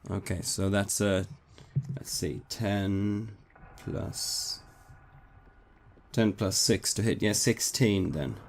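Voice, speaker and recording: Male player, slow and halting, deep-ish voice, ponders each move aloud. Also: fairly even intonation, a little hiss or hum. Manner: hesitant, thinking aloud with fillers. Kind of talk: tabletop game play.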